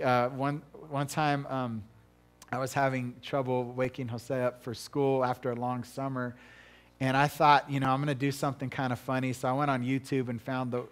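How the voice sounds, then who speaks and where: Middle-aged male pastor, casual sermon delivery, chatty and self-deprecating, mid-pitched voice. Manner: chatty, self-deprecating, many restarts and laughs.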